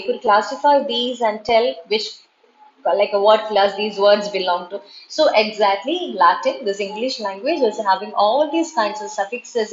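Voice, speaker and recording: A woman's voice: mid-range voice, a little hiss or hum. A woman giving an online class lecture, explaining things over and over and spelling out word endings letter by letter. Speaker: English literature lecturer. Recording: echoey room, dull lo-fi sound.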